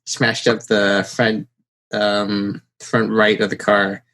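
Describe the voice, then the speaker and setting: Animated storytelling male podcast host. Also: fairly low pitch, slow. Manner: animated storyteller, acts out quotes. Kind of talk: casual chat.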